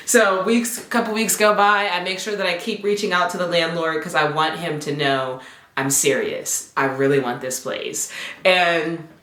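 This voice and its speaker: A young woman telling a casual storytime vlog, chatty and animated, acting out the lines of the people in her story. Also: on the low side. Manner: animated, chatty, acts out quoted dialogue. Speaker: vlogger. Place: home apartment. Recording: echoey room.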